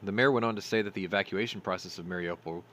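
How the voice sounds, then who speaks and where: A man's voice: deep voice, racing, fairly bright tone, a little hiss or hum. A man hosting a news commentary stream, reading articles aloud and adding sarcastic, profane remarks, stumbling over names.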